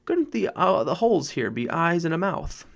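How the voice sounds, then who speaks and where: A dignified, gentle she-elephant from a storybook, mild and reasonable in every word, as a male narrator puts her on. Her voice sits a little raised above plain talk yet keeps a gravelly grain. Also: on the high side, sing-song, moderate pace, voice pushed up. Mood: mild, thoughtful.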